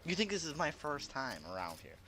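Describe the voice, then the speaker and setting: A man's voice: on the high side, a little fast. A young man streaming a game, ranting at chat in a profane, sarcastic, mocking way. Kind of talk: heated livestream rant. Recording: steady background noise.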